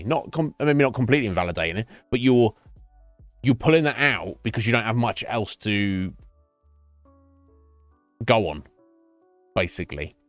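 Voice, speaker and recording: Sweary British man, low voice. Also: fairly bright tone, no echo. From Britain. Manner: sweary, blunt, rambling with repeated restarts. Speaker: streamer. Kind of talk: casual chat to stream chat.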